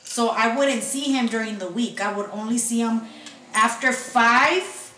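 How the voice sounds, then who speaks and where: Her voice is on the high side, pushed and bright, and she speaks a little slowly. The young woman is telling friends a personal tale, cursing freely and mixing Spanish into her English. It's recorded from a distance in an echoey room, off-mic, with faint noise.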